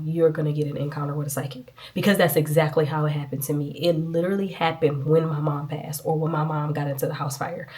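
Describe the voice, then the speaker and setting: A woman talks straight to her viewers. She is chatty and earnest, calling them y'all. She sniffles now and then as she tells her story. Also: low voice. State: sniffling, itchy nose. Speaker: vlogger. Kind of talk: casual testimony vlog.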